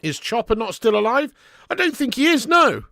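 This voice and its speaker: A man hosting a live football watch-along, who shouts at the big moments and laughs a lot between them. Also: very high-pitched, moderate pace, creaky, no echo, studio quality. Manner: excitable, shouts at goals, laughs often.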